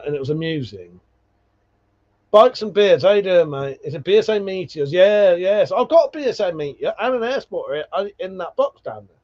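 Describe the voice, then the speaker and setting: A man runs a laid-back livestream, reading viewer comments and rambling through stories full of swearing and laughs. His high voice is animated, with a darkish tone and a moderate pace. The stream audio sounds dull and lo-fi.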